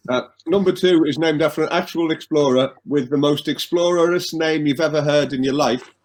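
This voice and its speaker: A man's voice: on the high side, normal speed, low-quality recording. A man playing a board game over a video call, rambling whimsically with many "uh" fillers and chuckles. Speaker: game player. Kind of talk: casual banter on a streamed game.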